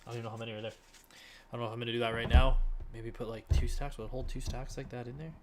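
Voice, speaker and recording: A man's voice: mid-range voice, racing, noisy background. Chatty young man reselling online. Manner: relaxed, chatty, often trailing off quietly. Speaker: eBay reseller streaming his listings. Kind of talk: casual live-stream chat while working. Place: living room at home.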